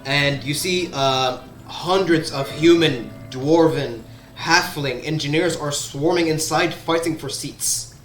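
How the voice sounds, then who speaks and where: A man narrates as game master in a fairly high voice. He hesitates often and fills the gaps with lots of fillers. His voice sounds roomy and echoing. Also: slow pace, a bit bright, slight background noise. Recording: echoey room sound.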